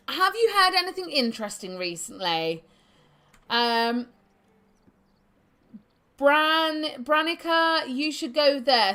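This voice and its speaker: A woman's voice: on the high side, fairly bright tone. A woman streamer casually chatting through a video game, making giggly asides. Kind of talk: casual live-stream commentary.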